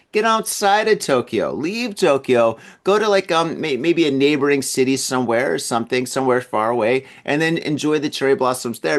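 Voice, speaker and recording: A male podcast host talking casually on his own at home, his voice sitting in an ordinary middle register. He wanders from thought to thought, doubles up his words, and breaks into easy chuckles. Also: medium pitch. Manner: rambling, repeats words, chuckles often. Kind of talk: casual solo podcast monologue. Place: at home in an apartment building.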